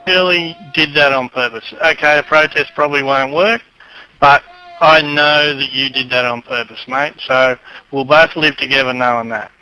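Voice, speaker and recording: A man's voice: mid-range voice, fairly even intonation, normal speed, sharp tone, smooth, low-quality recording. A man in an online race chat, sarcastically accusing another driver. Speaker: rival sim racer. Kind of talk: in-game voice chat argument.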